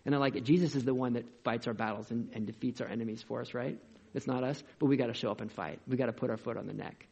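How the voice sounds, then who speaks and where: A man preaching a sermon as a pastor, in an energetic, conversational way with rhetorical questions, in a dull lo-fi recording. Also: medium pitch, fast, gravelly, husky.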